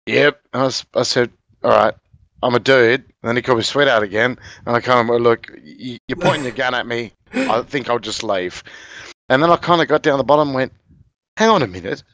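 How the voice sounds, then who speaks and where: A man's voice: medium pitch, brisk, a bit bright, no room sound. A man with an Australian accent, chatting casually on a podcast, a rambling storyteller who laughs often. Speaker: podcast guest, game video maker. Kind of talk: casual chat.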